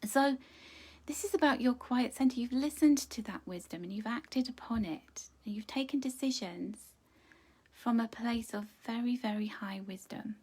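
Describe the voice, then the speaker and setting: A middle-aged woman giving a live pick-a-card reading, gentle and encouraging, chatting warmly and greeting viewers by name. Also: fairly high pitch, moderate pace, breathy edge. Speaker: angel card reader.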